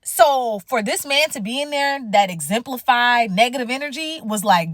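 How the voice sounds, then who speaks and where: A woman's voice: fairly high pitch, lively intonation, normal speed, fairly bright tone, dry recording. A woman casually telling the story of her career, acting out quoted dialogue with big jumps in her voice.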